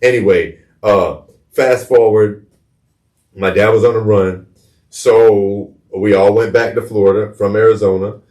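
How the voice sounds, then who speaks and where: Man, middle-aged, low voice, podcast host, candid storytelling, profane, restarts his sentences. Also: steady tone, unhurried, a little mellow. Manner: candid, profane, repeats words while searching for them. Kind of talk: personal storytelling.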